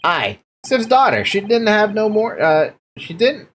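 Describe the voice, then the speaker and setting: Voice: medium pitch, big pitch swings, measured pace, slight background noise, pitched above the performer's own voice. A game streamer reading a shifty Scottish male official's lines in a put-on Scottish accent. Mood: telling. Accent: Scottish, as put on by the player. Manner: attempted Scottish accent with dialect words. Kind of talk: reading game dialogue aloud.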